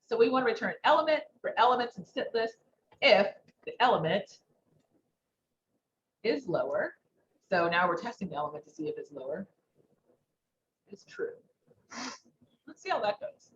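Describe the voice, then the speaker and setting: A woman's voice: medium pitch, big pitch swings, moderate pace, long pauses. A woman instructor teaching a live coding lesson, thinking aloud and asking rhetorical questions. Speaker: workshop instructor. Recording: dull muffled sound, faint background noise.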